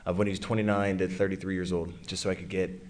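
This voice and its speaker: An actor answering interview questions in a relaxed, halting way. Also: male voice, deep voice.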